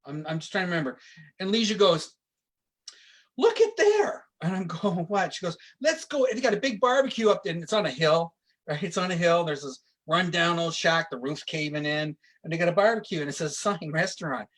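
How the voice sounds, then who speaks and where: A man, a guest psychic medium, chatting and telling animated stories while laughing along. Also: fairly high pitch, brisk. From Canada. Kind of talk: casual chat.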